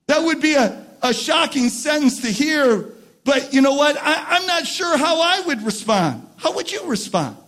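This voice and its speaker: A male pastor preaching a sermon who builds from quiet, reflective talk to repeated shouted emphasis. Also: very high voice, big pitch swings, moderate pace.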